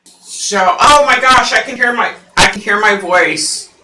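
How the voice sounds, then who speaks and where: A woman hosts a psychic livestream, chatting casually with viewers and laughing often, her voice sounding unusually deep through the mic. She speaks at a measured pace with a sharp tone. The low-quality recording captures her far from the mic in an echoey room.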